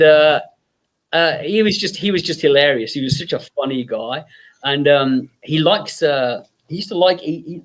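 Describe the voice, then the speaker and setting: A man telling anecdotes in a casual chat, acting out the voices of people in his stories and laughing often. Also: mid-range voice. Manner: animated storyteller, acts out quoted voices, laughs often. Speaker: guest filmmaker.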